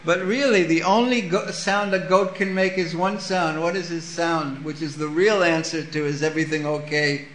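A man giving a sermon, reading a scripture passage and explaining it with lively stories. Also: fairly high pitch, normal speed, hardly any pauses, roomy sound, a little hiss or hum, rough recording. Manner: storytelling with acted-out voices. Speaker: spiritual teacher.

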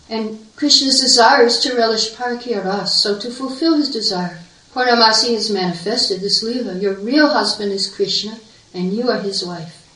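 A woman's voice: mid-range voice, bright, forceful tone, echoey room, recorded from a distance, natural voice, poor audio. A woman voicing a weeping, humble grown husband in a devotional story, pleading and tearful.

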